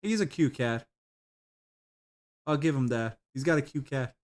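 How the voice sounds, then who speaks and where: A man's voice: mid-range voice, animated, unhurried. A man streaming as he browses videos, rambling, swearing loosely and giggling often at what he sees. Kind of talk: casual commentary while browsing videos.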